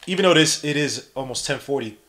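A man's voice: mid-range voice, brisk. Slangy New man calling a game. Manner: animated, slangy, jokes and reads chat aloud. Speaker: podcast host giving live play-by-play. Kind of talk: casual live-stream commentary.

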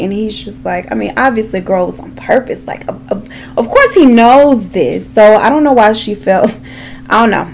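A woman's voice: medium pitch, animated, moderate pace, gravelly, darkish tone, a little hiss or hum. A woman telling a true crime story in a casual, chatty way, with frequent asides to her viewers. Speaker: true crime makeup vlogger.

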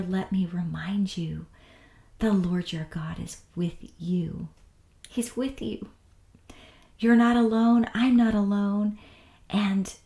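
A woman teaching the Bible in a gentle devotional style, often half-whispering with tender warmth. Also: on the low side, vocal fry, roomy sound.

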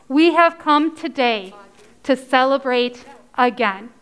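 A woman leading a children's message at church, telling a story with excited cheers and coaxing the kids to join in. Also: high voice, takes it slowly, smooth. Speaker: children's sermon leader.

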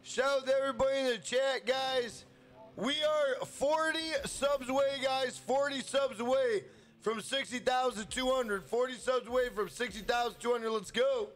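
A man's voice: very high voice, moderate pace. Hyped, profane young man streamer. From Minnesota. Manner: hyped, profane, shouts out chat members. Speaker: gaming live streamer. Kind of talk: casual live-stream chat.

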